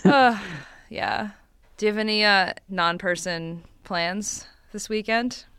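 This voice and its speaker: A woman's voice: medium pitch, slow pace, fairly bright tone, clear, resonant tone, no room sound, studio quality. A woman co-hosting a podcast in casual chat, giggly and chatty with lots of fillers. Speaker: podcast co-host.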